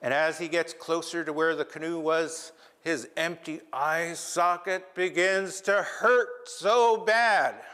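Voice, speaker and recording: Lively male storyteller, slightly high voice. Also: long reverb tail. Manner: lively and engaging, addressing listeners directly with asides. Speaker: traditional storyteller. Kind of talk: oral storytelling to a live audience. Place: lecture hall.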